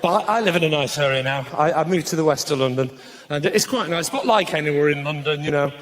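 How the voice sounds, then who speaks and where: A man performs live stand-up, his voice sitting high and his delivery brisk and cheeky, with sudden shouted punchlines. Clear background noise from the live show runs under him. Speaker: stand-up comedian. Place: live comedy stage before an audience.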